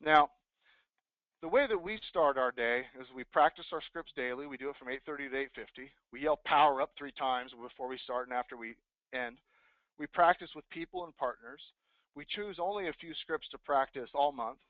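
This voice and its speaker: A man giving an energetic motivational sales talk to real estate agents, acting out sample phone scripts. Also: medium pitch, moderate pace, no echo. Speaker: real estate team leader and speaker. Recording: dry, phone-like thin sound.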